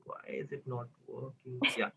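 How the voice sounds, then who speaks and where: A man's voice: mid-range voice, fairly even intonation, normal speed, vocal fry, heavy background noise. A man leading an online public speaking workshop, coaching and quizzing the audience over a video call. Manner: coaching, asks audience questions. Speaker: workshop presenter. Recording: distant, dull video-call audio.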